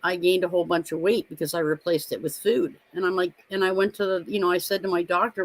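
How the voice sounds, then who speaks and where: A woman in her fifties co-hosting a live stream, telling stories in a blunt, animated way and swearing freely. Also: lowish voice, quick pace, hardly any pauses. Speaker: co-host of a live watch party stream. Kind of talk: casual chat.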